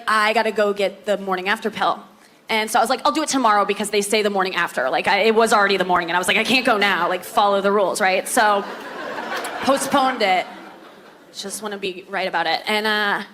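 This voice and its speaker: A woman's voice: medium pitch, fairly bright tone, slight background noise. A woman performing a stand-up comedy set on stage, chatty and confessional, with lots of fillers.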